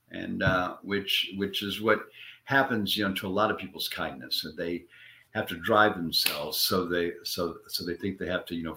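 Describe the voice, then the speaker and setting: Bright-voiced older man in an echoey room. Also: on the low side. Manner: rambling, hesitant, repeats words. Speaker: actor guest. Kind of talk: casual interview.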